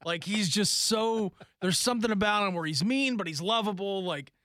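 An excitable man co-hosting a soccer podcast, chatting casually, saying "like" constantly and laughing a lot. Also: high voice, moderate pace, no echo, studio quality. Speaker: podcast co-host. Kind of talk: casual sports chat.

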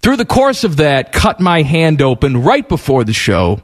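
A man's voice: fairly high pitch, moderate pace. A man co-hosting a podcast in casual chat, telling stories with animation. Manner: animated storytelling. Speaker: podcast co-host.

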